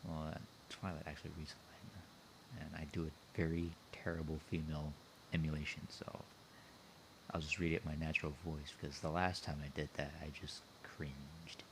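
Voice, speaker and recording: A man's voice: rumbling low, little pitch movement, normal speed, fairly bright tone, slight background noise, low-quality recording. A man speaking on an online voice call, explaining his own story in casual chat and thinking aloud as he circles back to his points.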